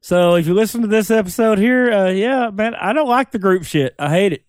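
A man joining a podcast as a guest, answering in an easygoing way. His voice sits high, and it is recorded dry and close. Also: animated, brisk, clear, resonant tone, no room sound. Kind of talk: casual podcast chat.

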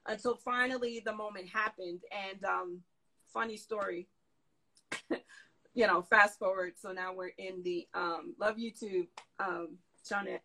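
Bright, animated woman telling a story. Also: medium pitch, a little slow, rough recording. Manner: animated, excitable storyteller with slangy asides. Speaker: guest dancer and choreographer. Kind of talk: casual storytelling interview.

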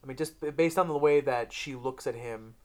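A podcast co-host chatting casually about a TV series. The talk rambles, full of swearing and lively acted-out retellings. The voice sits at a middle pitch. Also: fairly quick. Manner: profane, rambling, with animated retellings. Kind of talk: casual chat reviewing a TV series.

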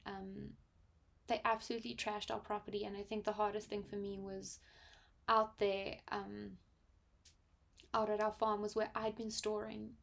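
Creaky-voiced young South African woman. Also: medium pitch. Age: 20s. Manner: reflective, with frequent pauses and fillers. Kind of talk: personal testimony.

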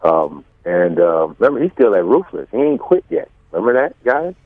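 A man's voice: fairly low pitch, sing-song, moderate pace, no room sound. A man telling a long story as a guest, rambling with many fillers and restarts and acting out quotes, over a tinny phone-like line. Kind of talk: storytelling in an interview.

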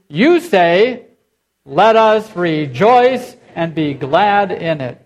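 A man's voice: high-pitched, very animated, very slow. A man preaching a sermon as pastor, leading his congregation in call and response. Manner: leads the congregation in repeated chanted responses.

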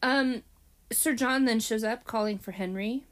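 A woman recapping a TV mystery episode in casual chat, with many ums and animated asides. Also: on the high side, measured pace. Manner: chatty, hesitant with frequent ums, animated retelling.

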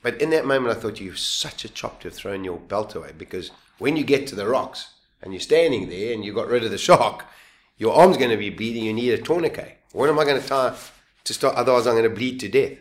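Guest in his fifties, lively storyteller who acts out the scenes and laughs through them. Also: mid-range voice, a little fast. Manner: vivid, acts out his own lines and voices, laughs while telling. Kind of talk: animated storytelling.

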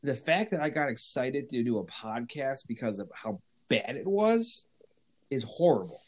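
A man co-hosting a podcast, talking bluntly and profanely in casual, quick bursts. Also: mid-range voice, sing-song. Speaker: podcast co-host.

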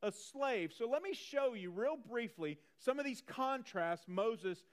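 A man preaching a sermon in a conversational way, animated and repeating phrases for emphasis. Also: very high voice, unhurried. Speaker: pastor.

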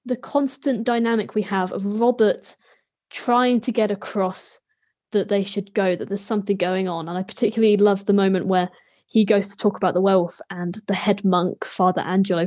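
A woman's voice: medium pitch, darkish tone. A woman co-hosting a podcast, reviewing a TV episode in casual chat with a wry, lightly sarcastic manner. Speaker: podcast co-host.

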